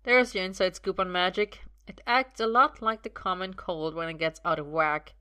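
A woman's voice: on the low side, moderate pace, sharp tone, smooth. A woman reading aloud, voicing a young male sorcerer who is weakened but stubborn, talking in a strained, joking way. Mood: weak wry. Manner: joking and strained, a little breathless. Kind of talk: audiobook reading.

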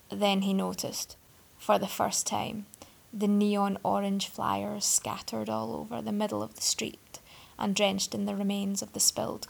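A woman's voice: medium pitch, gravelly, slightly rough. A woman narrating a story aloud with a wry, sardonic delivery. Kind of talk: storybook reading.

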